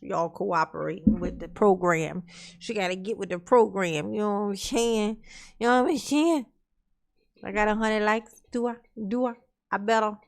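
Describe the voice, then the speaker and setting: A woman's voice: medium pitch, moderate pace, gravelly. A woman hosting a reaction commentary, teasing and sassy, laughing often as she mocks what she watches. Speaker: commentary channel host.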